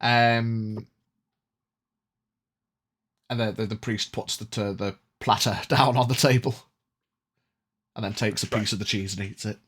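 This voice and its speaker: Slow, low-voiced male game master. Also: steady tone, fairly bright tone, breathy edge. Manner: slow, laid-back narration with chuckles. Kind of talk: narrating a tabletop game.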